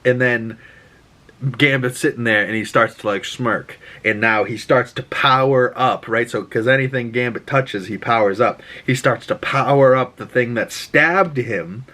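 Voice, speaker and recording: A man recapping a TV episode in an excitable, rambling way, full of fillers and swearing. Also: mid-range voice, a little slow. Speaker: pop culture podcast host.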